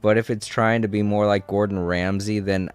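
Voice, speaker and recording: Guy streaming a game, slow rambly chat, smooth low-ish voice, dry sound. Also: fairly even intonation, dry recording. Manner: rambling, laughs often. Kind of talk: casual game commentary.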